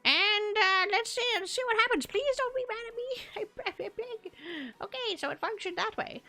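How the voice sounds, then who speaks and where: A woman's voice: very high-pitched, moderate pace, sharp tone. A woman streamer talking through a voice changer that makes her sound like an old woman, chatting casually, swearing and laughing as she codes. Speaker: streamer and game developer. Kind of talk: casual live-stream chat while coding. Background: faint background music.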